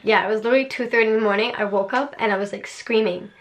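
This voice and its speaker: A young woman vlogger telling a personal story in a casual, animated way, laughing often as she goes. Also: mid-range voice, very fast.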